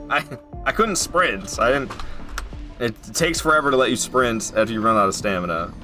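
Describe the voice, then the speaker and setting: A man's voice: medium pitch, expressive, moderate pace, pushed and bright, faint music behind. A young man streaming a game, chatting casually and swearing freely, working himself up into heated rants.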